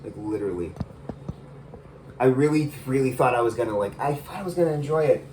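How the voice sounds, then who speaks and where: A man's voice: mid-range voice, lively intonation, brisk, warm tone. Brief: man in his thirties, casual rambling film rant recorded on a phone in his kitchen, heavy swearing, faint noise behind. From United States. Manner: swears a lot, rambling and exasperated. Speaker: vlogger reviewing a film. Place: home kitchen, cooking.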